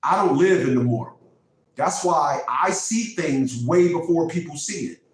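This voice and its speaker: A man's voice: fairly high pitch, lively intonation, unhurried. Man, fifties, vlog host, preachy, emphatic, repetitive, very echoey, distant mic. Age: 50s. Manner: preachy, emphatic, repeats phrases. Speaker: vlogger host. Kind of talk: casual monologue. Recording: very echoey room, mic far off.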